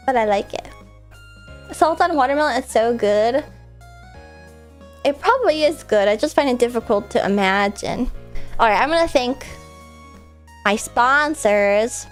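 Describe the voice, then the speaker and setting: A woman's voice: sits high, lively intonation, moderate pace, long pauses, faint music behind. A woman streamer, stuffed up from a cold, chatting casually and giggling while she reads out viewer messages. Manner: chatty and giggly, with lots of likes and restarts.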